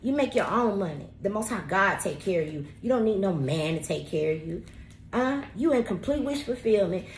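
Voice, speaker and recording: Expressive and mid-range at a moderate pace, a female tarot reader delivers a spirited monologue to her viewers in a blunt, slangy, emphatic, and profane manner. Faint background noise and a roomy echo fill the recording.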